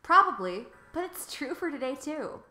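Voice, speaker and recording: A woman's voice: high-pitched, very animated, normal speed, pushed and bright, pitched above the performer's own voice, heavily acted. A woman reading the lines of a bored, whiny teenage schoolgirl from a visual novel.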